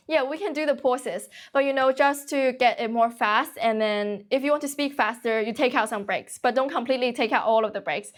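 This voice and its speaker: A young woman in her late teens hosting a casual livestream, talking quickly and continuously with few pauses. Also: on the high side. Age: young adult. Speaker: livestream host teaching English.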